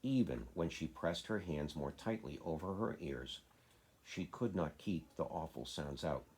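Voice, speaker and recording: A man, a father, reading a children's classic aloud in a steady, plain way. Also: a bass voice, unhurried, husky. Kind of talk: storybook reading.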